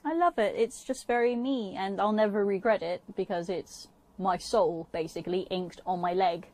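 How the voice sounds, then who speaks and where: A woman's voice: mid-range voice, moderate pace, a little mellow, low-quality recording. A woman being interviewed for a documentary, speaking earnestly and hesitantly with frequent fillers.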